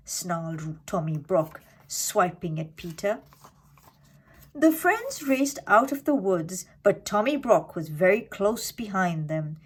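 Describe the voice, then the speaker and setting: A woman narrates a children's storybook with expressive, animated reading. She takes her time, letting her pitch rise and fall widely to keep young listeners hooked. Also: measured pace, slightly rough.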